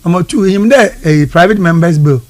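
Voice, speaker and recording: A Ghanaian man with a slightly high voice argues politics on a live radio show, moving between English and Fante. He lays out his case point by point and keeps pushing to the next one. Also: fairly quick.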